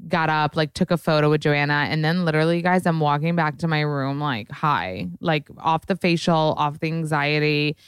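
A woman hosts a solo podcast, talking in a frank, rambling way, peppered with profanity and "like". Her voice sits low and comes across smooth and clear. The recording is dry and close, with no room echo. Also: fairly even intonation, moderate pace, few pauses. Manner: candid, profane, chatty with fillers. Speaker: podcast host. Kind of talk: casual solo podcast chat.

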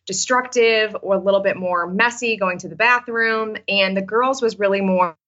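A woman's voice: medium pitch, normal speed, a bit bright, muffled recording. A woman teacher talking casually in an interview, with many fillers and restarts. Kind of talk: interview answers, storytelling.

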